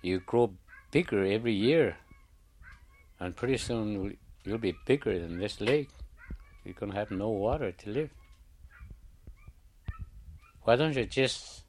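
A man's voice: on the low side, animated, normal speed, darkish tone, slight background noise, voice pushed up, natural voice. A man voicing a clever, persuasive male raven who coaxes and insists. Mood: coaxing. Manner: coaxing, insistent.

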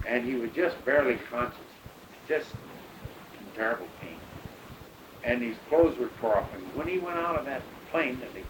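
An older man, a pilot, recounting his past in a rambling, halting way full of fillers. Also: mid-range voice. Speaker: bush pilot telling his story. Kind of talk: oral history storytelling. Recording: noisy recording.

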